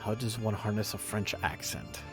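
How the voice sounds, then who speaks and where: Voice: mid-range voice, moderate pace, creaky, soft background music. A streamer playing through a story game, making wry asides and reading the dialogue aloud. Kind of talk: casual game commentary.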